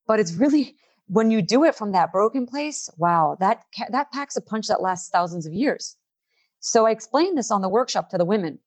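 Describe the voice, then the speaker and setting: A middle-aged woman leading a workshop, speaking earnestly and emotionally and slowing down to stress her key points. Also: mid-range voice. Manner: emotional, earnest, slows down for emphasis. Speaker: workshop leader. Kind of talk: heartfelt inspirational talk.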